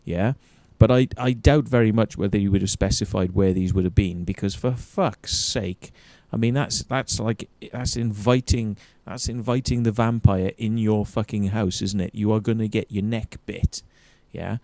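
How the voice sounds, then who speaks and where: A man's voice: on the low side, steady tone, normal speed, few pauses, darkish tone, no room sound. A man hosting a show, ranting profanely and combatively as he comments on an interview clip. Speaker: show host.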